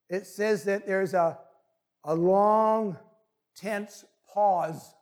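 A man preaching a sermon in an earnest, deliberate way. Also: high-pitched, darkish tone.

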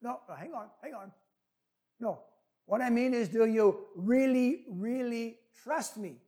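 A deep, calm voice speaks from above, as a man puts it on. It is slow and unhurried.

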